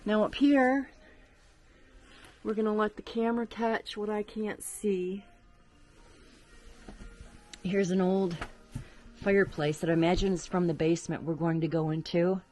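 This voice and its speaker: A woman's voice: lowish voice, fairly even intonation, moderate pace, long pauses, mellow. Chatty woman exploring an old attic. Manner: chatty, exclaims at creaking floors. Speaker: urban explorer vlogger. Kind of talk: narrating while exploring. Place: abandoned farmhouse attic.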